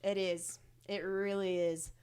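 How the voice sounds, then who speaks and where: A woman hosting a podcast, chatting casually and telling animated stories with quoted voices. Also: mid-range voice, takes it slowly, clear, resonant tone. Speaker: podcast host. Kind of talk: casual chat.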